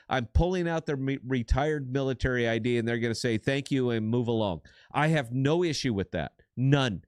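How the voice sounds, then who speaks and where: A man's voice: mid-range voice, dry recording, clean studio sound. A middle-aged man co-hosting a political podcast, giving blunt, profane and emphatic commentary. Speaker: podcast co-host.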